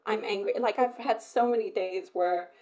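A woman talking openly in a casual conversation, expressive and candid, often slipping into quoted voices. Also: mid-range voice, moderate pace, rough recording. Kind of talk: casual chat.

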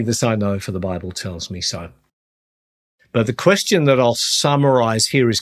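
A middle-aged man hosting a podcast, talking earnestly through a Bible teaching and slowing down on the points he wants to stress. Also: medium pitch. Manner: earnest, slows down on key phrases. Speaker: podcast host, Christian teacher.

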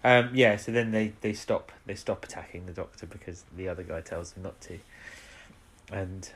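A man's voice: sits low, normal speed, fairly bright tone, slight background noise. A man co-hosting a podcast, recapping a TV episode in rambling, casual chat and leaning on tag questions. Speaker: podcast co-host.

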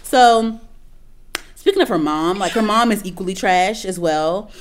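A woman's voice: medium pitch, a little slow, a little hiss or hum. A woman co-hosting a casual gossip chat, rambling and profane with many restarts. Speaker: podcast co-host.

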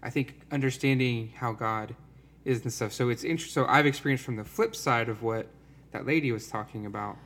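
A man's voice: mid-range voice, a little fast, a bit bright. Earnest rambling young-sounding man. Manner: earnest, rambling, many fillers. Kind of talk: casual faith conversation.

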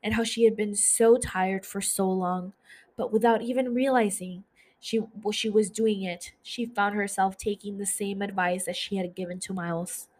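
A woman with a middle-pitched voice recaps a show episode in a loose, chatty way. She swears freely and breaks off into gushing asides. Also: fairly even intonation, moderate pace, a little mellow. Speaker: podcast host.

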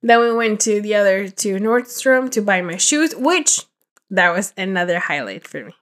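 A woman's voice: medium pitch, lively intonation, normal speed. A young woman co-hosting a podcast, telling a rambling story in casual chat, full of fillers and acted-out quotes. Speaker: podcast co-host.

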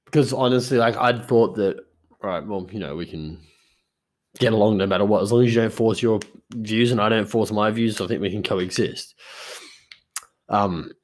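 A man's voice: fairly low pitch, moderate pace, pauses often. A young man hosting a podcast, telling stories in a rambling casual monologue full of swearing. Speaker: podcast host.

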